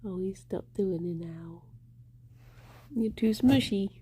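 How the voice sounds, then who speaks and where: A woman's voice: mid-range voice, slow pace, dark tone, husky. A woman hosting a casual livestream, chatting to viewers and cooing to her pets with frequent giggles. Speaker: livestream host.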